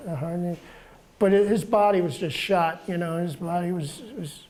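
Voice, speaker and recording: A man in his seventies with a soft voice, telling stories in a halting, casual way as a guest author. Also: high-pitched. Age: 70s. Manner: halting, repeats words, chuckles through stories. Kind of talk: casual storytelling talk.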